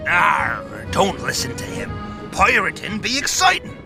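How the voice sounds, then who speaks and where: A man doing a gravelly British pirate. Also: high voice, huge pitch swings, unhurried, heavily acted. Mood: boisterous. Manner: bossy, dropped-grammar pirate talk. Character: gruff boastful male pirate with a British accent. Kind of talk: children's educational podcast character. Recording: music playing under the voice.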